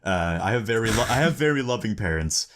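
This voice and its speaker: A man's voice: lowish voice, animated, brisk, a bit bright. A young man co-hosting a podcast in casual chat, rambling and joking with lots of restarts. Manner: rambling, restarts, jokey and laughing. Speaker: podcast co-host.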